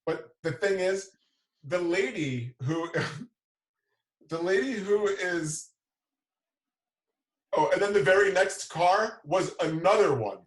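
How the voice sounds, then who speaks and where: A man's voice: high voice, slow pace, pauses often, recorded from a distance. A man hosting a casual livestream, telling a story and laughing through it. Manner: laughs through his stories, animated retelling. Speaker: show host. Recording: roomy, from away from the mic.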